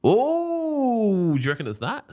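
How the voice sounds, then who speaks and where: A man's voice: on the low side, animated, a little fast. A man co-hosting a casual podcast, joking and swearing freely. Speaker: podcast co-host. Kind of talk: casual banter.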